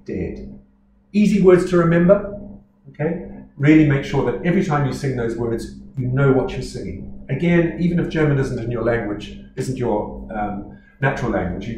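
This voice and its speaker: A man's voice: mid-range voice, darkish tone. Man, New Zealand accent, choral diction lesson, patient and explanatory, roomy room, faint background hum. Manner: patient, explanatory, demonstrates sounds aloud. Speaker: choral conductor and teacher. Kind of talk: instructional talk on choral diction. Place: at home.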